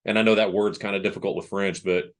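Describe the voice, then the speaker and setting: A man's voice: lowish voice, flat delivery, fast talker. A man hosting a webcast interview, asking a question in a casual way with "like" as filler. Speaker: webcast host.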